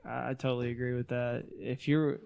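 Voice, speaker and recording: A man's voice: mid-range voice, flat delivery, fairly quick, vocal fry, a little mellow, a little hiss or hum. A man co-hosting a podcast, talking in a loose, rambling and profane way with frequent restarts. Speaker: podcast co-host. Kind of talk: casual chat.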